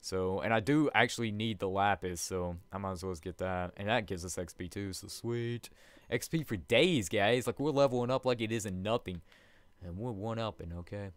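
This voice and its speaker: A man's voice: on the low side, normal speed, dry recording. A young man giving rambling, casual commentary on his own gameplay, chatting with viewers and laughing often. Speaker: let's play host.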